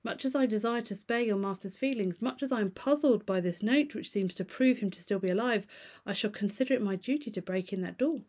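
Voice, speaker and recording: A woman voicing a measured, reasoning lawyer. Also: mid-range voice, darkish tone, natural voice. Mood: resolute. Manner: measured, explanatory, formal. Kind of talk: storybook reading.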